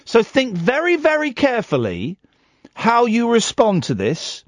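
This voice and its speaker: A man's voice: very high voice, huge pitch swings, measured pace, no echo, clean studio sound. A man hosting a late-night radio phone-in, talking in a combative, sarcastic way to callers.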